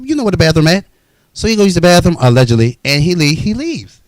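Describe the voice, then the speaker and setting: A man's voice: a little high, sing-song, fast talker, no room sound, poor audio. Man ranting his life story, cussing a lot, swings up and down a ton, dry sound. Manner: profane, blunt, heated. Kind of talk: unscripted storytelling monologue.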